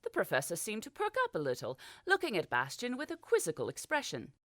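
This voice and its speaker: A woman's voice: medium pitch, huge pitch swings, brisk, a bit bright, dry recording, clean studio sound. A woman reading a fantasy audiobook as narrator, giving the characters small voice shifts. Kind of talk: scripted narration.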